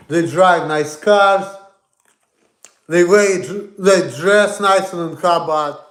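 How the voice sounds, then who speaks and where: A man's voice: high-pitched, roomy sound. A man ranting in a blunt, profane, rambling way on a casual livestream. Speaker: streamer.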